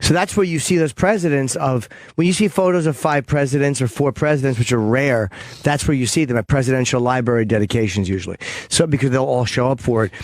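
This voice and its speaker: A man hosting a radio talk show, chatting and telling stories quickly and animatedly on a studio mic. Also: mid-range voice, no room sound. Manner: fast, animated storytelling with swearing. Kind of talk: casual radio banter. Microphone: studio microphone.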